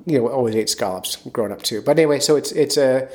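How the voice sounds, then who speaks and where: A man's voice: medium pitch, fast, darkish tone. A man from the Philadelphia area hosting a podcast, chatting and joking in a casual way. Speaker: podcast host.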